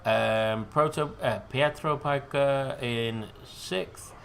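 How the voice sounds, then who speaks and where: A man's voice: mid-range voice, slow, vocal fry, fairly bright tone, a little hiss or hum. Rambling British man hosting a quiz. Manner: rambling, self-deprecating, joking. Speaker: quiz host. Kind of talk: casual live-stream quiz hosting.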